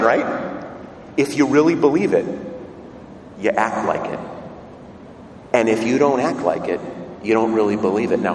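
Priest preaching in an echoey church. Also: male voice, fairly low pitch, moderate pace, pauses often, darkish tone, slight background noise. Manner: conversational, asks the congregation frequent rhetorical questions. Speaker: Catholic priest. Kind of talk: homily during Mass. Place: large church. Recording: echoey church hall from far off, faint ambience.

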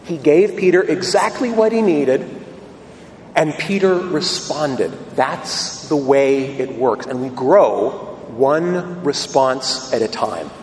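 A man's voice: mid-range voice, expressive, takes it slowly, darkish tone, a little hiss or hum. A male priest preaching a sermon in a church, emphatic and storytelling. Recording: echoey hall from a distance.

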